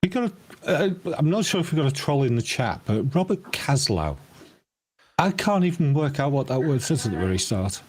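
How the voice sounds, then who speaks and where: Laughing Scouse man with a lively voice. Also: mid-range voice, brisk, breathy edge. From Liverpool. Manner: laughs often, banters in local slang. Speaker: co-host. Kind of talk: casual live-stream chat.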